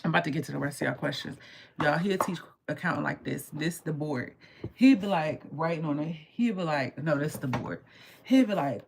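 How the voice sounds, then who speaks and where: A woman tarot reader chatting casually on a live stream, telling stories in an animated way and swearing freely. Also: sits low, moderate pace, vocal fry, slight background noise.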